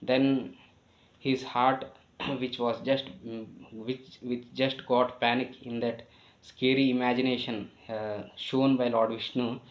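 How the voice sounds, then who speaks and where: A man telling a devotional story, hesitant and full of fillers and self-corrections. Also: medium pitch. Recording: roomy, dull lo-fi recording.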